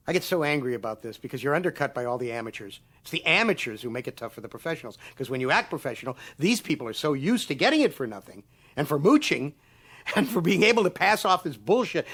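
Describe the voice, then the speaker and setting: A man's voice: on the high side, big pitch swings, fast, fairly bright tone. A man in his seventies, interviewed for a documentary, ranting with angry sarcasm and profanity and acting out the people he quotes. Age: 70s. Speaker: interviewee, writer.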